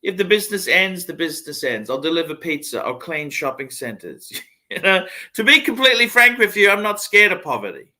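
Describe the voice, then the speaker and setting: Male livestream host, blunt and profane, bright tense tone. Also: high voice, big pitch swings, brisk. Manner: blunt, swears a lot. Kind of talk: casual chat.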